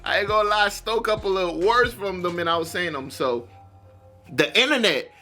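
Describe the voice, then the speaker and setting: A man's voice: sits high, a little fast, pushed and bright, soft background music. A man with a Haitian accent blended with Rhode Island speech, hosting a reaction video in loose, rambling casual commentary that is full of laughs and cursing. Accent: Haitian mixed with Rhode Island.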